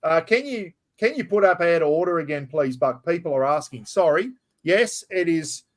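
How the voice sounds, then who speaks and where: A middle-aged Australian man whose voice sits a little higher than most men's. He hosts a casual live stream in a blunt, easygoing way, swearing freely and calling his viewers mate. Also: expressive, normal speed. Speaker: livestream host.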